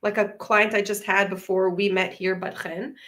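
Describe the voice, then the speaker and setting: A woman's voice: medium pitch, level tone, normal speed, fairly bright tone. Earnest woman coach on a video call. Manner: earnest, repeats short affirming phrases. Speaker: psychologist and parenting coach. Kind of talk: conversational discussion.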